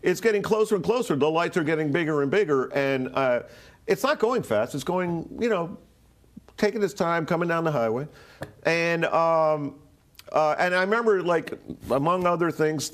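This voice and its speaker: Man rambling through a casual story. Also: fairly high pitch. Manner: rambling, profane, full of fillers and restarts. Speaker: interview guest.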